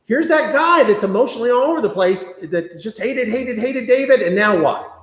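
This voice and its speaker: A man leading a conversational Bible study, chatty and animated, often acting out quotes. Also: very high-pitched, normal speed. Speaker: Bible class teacher. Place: church classroom. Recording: echoey room.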